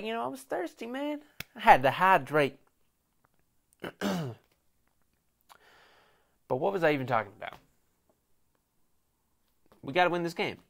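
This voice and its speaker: A young man hosting a casual solo sports podcast, rambling and joking as he previews a game. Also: mid-range voice. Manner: rambling, joking, fast bursts. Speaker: podcast host.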